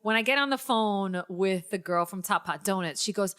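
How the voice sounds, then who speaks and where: A young woman hosting a casual podcast, telling a long story and swinging up into high, excited tones. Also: moderate pace, clean tone. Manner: animated storyteller, jumps to high excited pitch. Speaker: podcast host.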